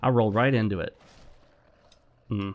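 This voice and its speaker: A man's voice: fairly low pitch, steady tone, moderate pace. A man doing casual let's-play commentary, talking over his game and breaking into frustrated rants. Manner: chatty, easily frustrated rants. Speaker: gaming commentator.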